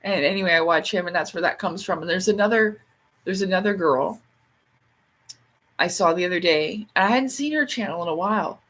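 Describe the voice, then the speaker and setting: Chatty woman host on a casual livestream, rambles, laughs easily, swears lightly, jumps into high squeaky voices when quoting people. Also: brisk. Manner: reads out and answers viewer comments; acts out quoted lines in sharp, much higher bursts.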